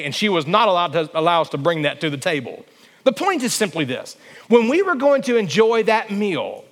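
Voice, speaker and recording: Here a young man from Alabama, a pastor, delivers a storytelling sermon and invites his congregation to respond. He has a high voice with a slightly bright quality, and the church hall lends it a long reverb.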